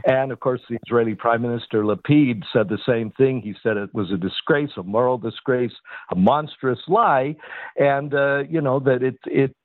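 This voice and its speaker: A man in his sixties, a guest analyst on a radio news interview, talking in a measured way with many fillers and restarts. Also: medium pitch, no echo. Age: 60s. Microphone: phone. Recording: tinny phone line.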